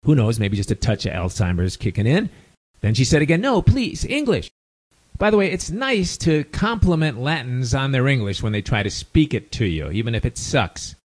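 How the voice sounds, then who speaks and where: A man's voice: mid-range voice, lively intonation, fairly quick. An older man with a Chicago accent, telling a casual story full of wry, chatty asides. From United States. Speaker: expat storyteller.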